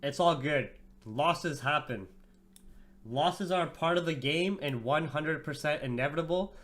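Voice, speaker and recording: Man, tired livestream host, casual and profane, slangy market chat, slightly high voice. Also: unhurried, a bit bright. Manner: profane, slangy, chats with viewers as "bro".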